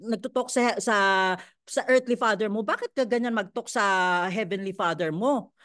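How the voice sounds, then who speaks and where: A woman pastor with a Filipino accent preaching a sermon, lively, repeating phrases and asking the congregation questions. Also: mid-range voice, moderate pace.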